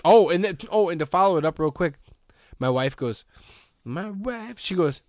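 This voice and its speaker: A man from co-hosting a podcast, telling stories in a casual chat and sinking into low, quiet deadpan asides. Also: normal speed, no echo, studio quality. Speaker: podcast co-host.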